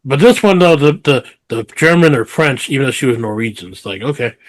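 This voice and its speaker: A man's voice: mid-range voice, animated, brisk, dry recording. A man co-hosting a casual podcast, reading out news stories and musing aloud in an easygoing way. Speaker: podcast co-host.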